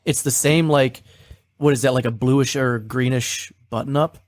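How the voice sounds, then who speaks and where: A man's voice: mid-range voice, fairly even intonation, normal speed, no echo. A man co-hosting a podcast, eagerly retelling scenes in a chatty rush. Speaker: podcast co-host. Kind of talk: casual chat.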